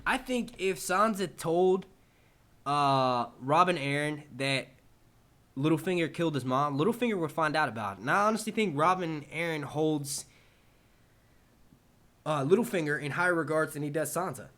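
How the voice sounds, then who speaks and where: A man's voice: fairly high pitch, lively intonation, normal speed, pushed and bright. A man answering viewer questions on a live stream in a casual, rambling and profane way.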